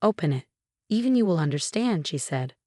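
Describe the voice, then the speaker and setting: A woman's voice: lowish voice, very animated, fairly quick, dark tone, no echo, clean studio sound. A woman reading as a disdainful mother-in-law. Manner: cold, condescending.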